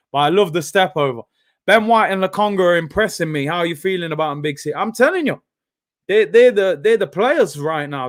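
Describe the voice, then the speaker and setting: A young man hosting a live football watchalong, reacting loudly to the play and then talking himself back down. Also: sits high. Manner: excitable, shouts at big moments, then calms himself down. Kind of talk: live match watchalong commentary.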